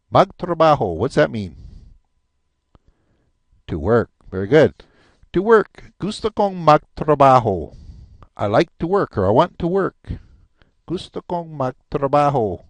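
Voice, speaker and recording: Male teacher, slow and patient, lively pitch, dry close mic. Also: dry recording. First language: English. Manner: patient, repeats each word slowly, chatty asides. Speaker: language teacher. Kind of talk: recorded language lesson.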